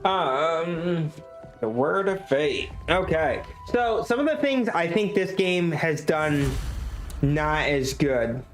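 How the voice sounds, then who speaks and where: A man's voice: a little high, animated, takes it slowly, faint music behind. A man streaming a game, talking casually in a rambling way. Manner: rambling, many restarts and likes. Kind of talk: casual gameplay commentary. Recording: echoey room.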